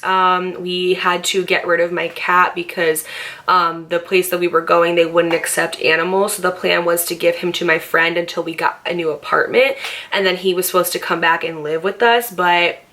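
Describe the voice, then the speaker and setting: A woman's voice: on the low side, pushed and bright. A young woman vlogger telling a personal story in a casual, chatty way, swearing freely and acting out the voices of the people she quotes.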